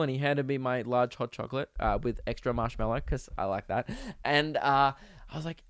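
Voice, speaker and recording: A man's voice: mid-range voice, a little fast, fairly bright tone, clear, resonant tone, dry recording. A young Australian man hosting a podcast, telling a story as a sarcastic, exasperated comedic rant. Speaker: podcast host.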